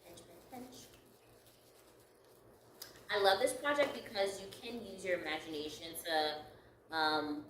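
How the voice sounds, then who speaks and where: A woman's voice: fairly low pitch, fairly even intonation, moderate pace, reverberant, far from the mic, background noise. A woman leading a step-by-step craft tutorial, upbeat and encouraging, laughing lightly at her own slips. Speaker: craft instructor.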